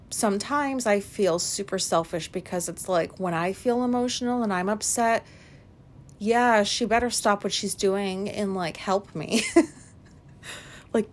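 Brief: woman in her thirties, solo podcast host, candid and self-doubting, casual swearing, mid-pitched. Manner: frank, self-questioning, swears freely, many fillers.

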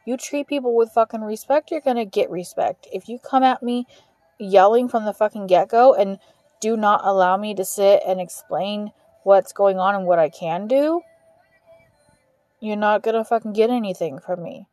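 A woman's voice: mid-range voice, moderate pace, darkish tone, dry recording, soft background music. A woman hosting a podcast, venting about work with frequent swearing. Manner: frustrated, heavy swearing, ranting. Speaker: podcast host. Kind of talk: venting monologue.

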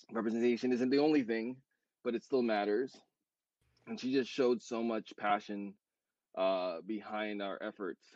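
A man in casual podcast chat about his brand, rambling with many fillers and quick self-corrections. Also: lowish voice, darkish tone, no echo, dull audio. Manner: talks fast. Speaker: co-founder of a clothing brand.

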